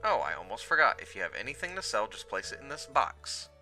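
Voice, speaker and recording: A man's voice: lowish voice, very animated, fairly quick, gravelly, bright, forceful tone, soft background music, exaggerated voice. A man voicing an older male small-town mayor, reading his game lines in a mock-formal way. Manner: reads game dialogue aloud, mock-formal.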